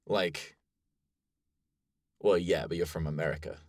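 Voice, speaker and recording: A man's voice: low-pitched, fairly even intonation, a little slow, no room sound, clean studio sound. A young Australian man co-hosting a comedy podcast, playful and rambling, laughing often. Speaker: co-host. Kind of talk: improvised comedy podcast chat.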